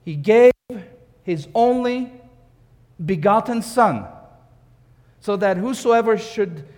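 Guy preaching a sermon, high pitched, repeats his main line over and over, church reverb. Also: animated, slow pace, a little mellow. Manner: emphatic, repeats key phrases, rhetorical questions. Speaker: pastor.

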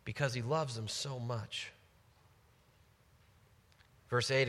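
Bright-voiced, animated man teaching the Bible. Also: medium pitch, slow, long pauses, long reverb tail. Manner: animated, enthusiastic, conversational.

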